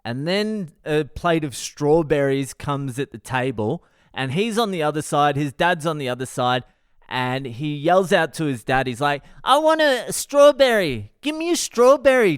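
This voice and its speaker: A man's voice: mid-range voice, normal speed, clear, resonant tone, dry recording, studio quality. A man hosting his own podcast, telling a story in a profane, exasperated way. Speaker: comedian podcast host. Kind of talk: solo storytelling monologue.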